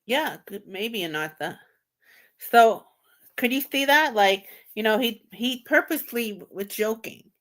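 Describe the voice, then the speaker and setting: A woman hosting a tarot video, reacting to a clip and thinking aloud in halting, repetitive phrases with loose grammar. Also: on the high side, lively intonation, a bit bright. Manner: halting, repeats herself, broken grammar. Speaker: tarot reader host. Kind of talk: casual thinking-aloud commentary.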